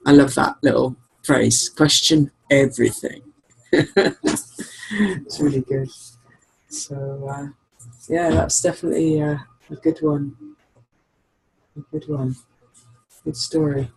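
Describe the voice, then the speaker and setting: A woman's voice: low voice, slow pace, vocal fry, pauses often, breathy edge, poor audio. A woman chatting casually on an online call, rambling and laughing easily as she talks. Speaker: regular sharer on a call-in show.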